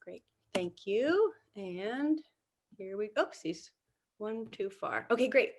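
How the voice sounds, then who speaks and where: A woman's voice: mid-range voice, expressive, takes it slowly. A young adult woman PE teacher presenting on a video call, upbeat and encouraging, with frequent fillers and little laughs. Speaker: PE and health teacher.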